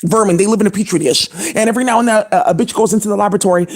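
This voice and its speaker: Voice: medium pitch, racing, hardly any pauses. A channel host speaking in a profane, scattered and indignant monologue to the camera, with many fillers.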